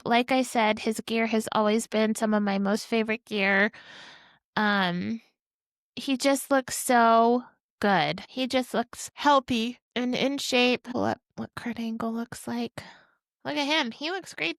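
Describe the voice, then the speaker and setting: Brief: woman podcast host, casual watch-along commentary, excitable, a bit high with some vocal fry, dry close sound. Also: no echo. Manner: excitable, exclaiming.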